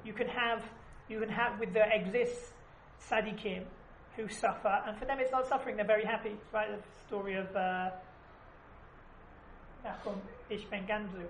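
A woman's voice: medium pitch, fairly even intonation, moderate pace. A woman teaching an informal class, chatty and often asking "right?" as she explains. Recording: echoey room, background noise.

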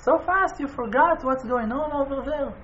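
Fervent high-voiced man pleading. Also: moderate pace. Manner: fervent, pleading, repeats phrases, swings from loud urging to quiet near-tearful. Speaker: community speaker making an appeal. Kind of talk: impassioned appeal. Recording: dull lo-fi with faint noise.

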